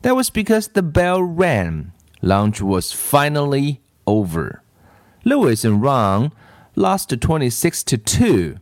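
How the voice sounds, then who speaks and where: A man reading a children's storybook aloud with expressive narration. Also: mid-range voice, slow, dry recording, studio quality.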